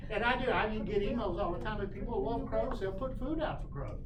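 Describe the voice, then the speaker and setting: A man giving a casual class on backyard birds in a shop classroom, folksy and animated, putting on playful voices for the birds. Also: high-pitched, brisk. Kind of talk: casual lecture. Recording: roomy, distant mic, noisy.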